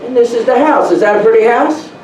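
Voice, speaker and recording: A man giving a motivational real estate talk to an audience, telling animated stories from his own life. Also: very high-pitched, quick pace. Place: meeting room. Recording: roomy, distant, faint room noise.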